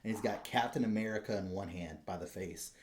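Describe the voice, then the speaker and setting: A man co-hosting a podcast, telling stories in an excitable, profane casual chat. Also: on the low side, brisk, roomy sound, a little hiss or hum. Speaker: podcast co-host.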